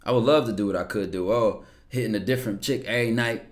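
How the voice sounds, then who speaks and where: A man's voice: lowish voice, fast. A young man talking casually on a stream, answering viewer questions bluntly with lots of slang and cursing. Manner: blunt, slangy, curses freely, repeats words. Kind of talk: casual livestream talk.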